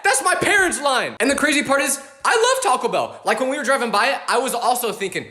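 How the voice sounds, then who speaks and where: A man in his twenties telling scripted comedic stories in an animated, self-mocking way. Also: high voice, quick pace, hardly any pauses. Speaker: comedic storyteller.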